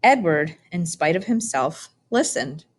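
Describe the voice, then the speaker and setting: A woman narrating a children's storybook in a calm, measured reading. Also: low-pitched. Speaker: audiobook reader.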